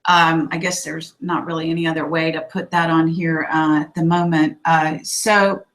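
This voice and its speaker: A woman hosting an online live-stream interview, asking questions haltingly with many fillers. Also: deep voice, little pitch movement, fairly bright tone, low-quality recording. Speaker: host.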